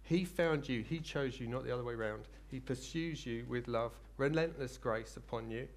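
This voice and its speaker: A man preaching a sermon, earnest and rambling, rising into fervent excitement. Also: medium pitch, moderate pace.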